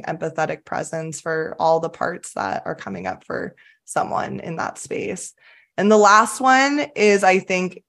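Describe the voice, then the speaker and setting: A woman, a therapist, explaining her approach in a casual, earnest and upbeat podcast interview. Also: fairly low pitch. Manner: earnest, upbeat, enthusiastic coaching tone. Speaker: somatic attachment therapist, guest.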